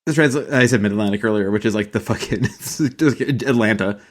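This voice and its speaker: A man's voice: fairly low pitch, fairly quick. A man co-hosting a podcast, chatting casually about a sitcom, swearing freely and laughing often. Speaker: podcast co-host. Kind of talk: casual chat recapping a sitcom.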